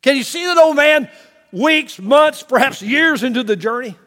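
A preacher tells a story in a sermon, his voice sitting high for a man. He swings between loud bursts and hushed lines, with chuckling asides. A long reverb trails him through the church. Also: expressive, moderate pace. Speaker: pastor.

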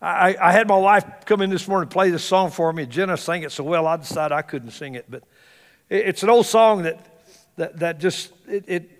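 A male pastor preaching a sermon in a church, swinging between loud exclamations and hushed asides. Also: high voice, fairly quick. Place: church sanctuary. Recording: reverberant church hall.

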